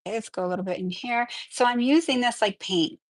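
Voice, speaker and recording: A woman hosting a live nail tutorial in a chatty, excitable way, often apologizing as she works. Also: fairly high pitch, brisk, dry recording. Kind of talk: casual live-stream tutorial.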